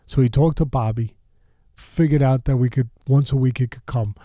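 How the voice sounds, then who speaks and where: A man in his sixties from New York, a boxing trainer who is a podcast guest, telling animated stories with rambling asides. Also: medium pitch, moderate pace, no room sound. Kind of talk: animated storytelling.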